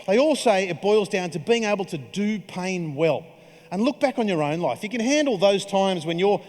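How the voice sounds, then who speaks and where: A man in his forties gives a keynote in a loose, joking, conversational manner. His voice sits on the high side. It rings with the long reverb of a big conference hall. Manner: jokey, conversational storytelling. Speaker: keynote speaker. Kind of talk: keynote speech.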